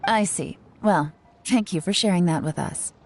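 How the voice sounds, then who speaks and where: A shrewd young traveler. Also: female voice, lowish voice. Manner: measured, playfully formal when flattering. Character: calm young female traveler, shrewd and polite. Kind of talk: video game dialogue.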